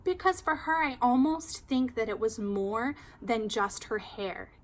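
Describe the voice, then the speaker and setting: A woman hairstylist telling a client story in casual, animated chat, full of "like". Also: on the high side, a little slow, a little hiss or hum. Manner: chatty, animated, heavy use of "like".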